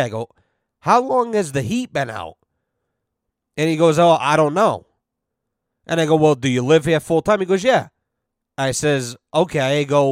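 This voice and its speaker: A man with a fairly high, smooth and resonant voice tells a long, swear-filled story in casual podcast chat. He rambles with many fillers and acts out both sides of a conversation. The sound is dry and close, with no room echo. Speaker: podcast host.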